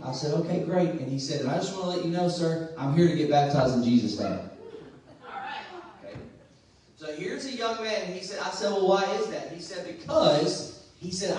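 A pastor preaching a sermon, moving from soft, quick storytelling to loud, drawn-out calls. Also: male voice. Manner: preaching that drops to a soft storytelling voice and rises to a loud high call. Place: large church sanctuary. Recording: very echoey church heard from far off.

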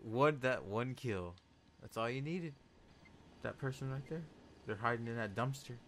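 A young man giving casual, excitable commentary over his own gameplay, swearing and bursting into loud outbursts. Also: mid-range voice, moderate pace, a little hiss or hum. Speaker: gameplay video host.

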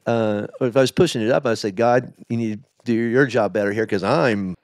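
A middle-aged man, a pastor, telling his story in a candid interview, halting with many restarts. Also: mid-range voice, no echo, clean studio sound. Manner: emotional, halting, with many restarts and quoted asides. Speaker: lead pastor.

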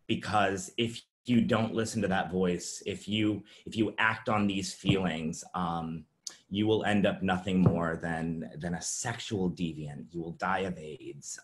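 Deep-voiced man, halting personal testimony. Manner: halting, many fillers and restarts. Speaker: presenter sharing his story. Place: virtual summit presentation.

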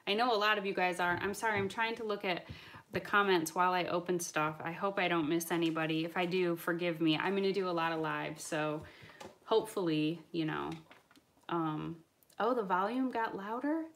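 A woman's voice: fairly low pitch, normal speed. Chatty woman hosting a toy live stream. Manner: chatty, excitable, answers viewer comments while opening toys. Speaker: toy channel host. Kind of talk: live-stream unboxing chat. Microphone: camera mic on live stream.

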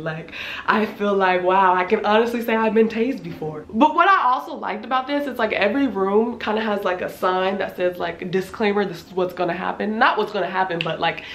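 A woman in her twenties telling a casual storytime, animated and slangy, with lots of filler words and cursing. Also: mid-range voice, a little hiss or hum. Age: 20s. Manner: animated, slangy, swears freely, many "like" fillers. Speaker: vlogger. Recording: echoey room.

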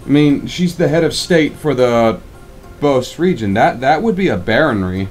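A deep-voiced man reading game dialogue aloud in a casual let's play, with offhand, self-deprecating asides. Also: lively intonation, normal speed, faint music behind. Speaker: gaming channel host voicing a playthrough.

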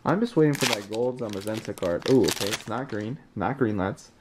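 A man giving casual unboxing commentary, reading card names aloud and getting excited over rare pulls, with words like bro and mate. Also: fairly low pitch, fairly quick, background noise. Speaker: card collector opening booster packs.

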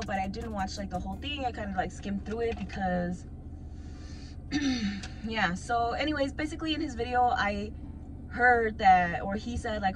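A young woman who works as a club dancer talks casually in a vlog. She swears freely and leans heavily on "like" and "um". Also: a little high. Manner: loose and profane, heavy with "like" and "um" fillers. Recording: clear background music under the voice. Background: music playing.

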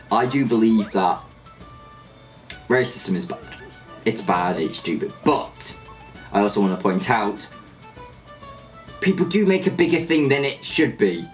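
A young man chatting casually over a game he is playing, rambling and restarting his sentences, with game music underneath. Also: fairly low pitch. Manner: rambling, chatty, with frequent restarts and jokey asides. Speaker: gaming channel host. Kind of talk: casual let's play commentary.

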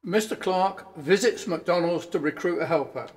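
A man's voice: sits high, normal speed. A man narrating in a dry, mock-serious comic tone.

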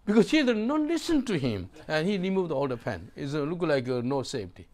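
A middle-aged man, a pastor preaching a sermon in halting, broken English. He drops to low murmurs and then bursts out loudly. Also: sing-song. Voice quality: gravelly. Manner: swings from low murmurs to loud exclamations.

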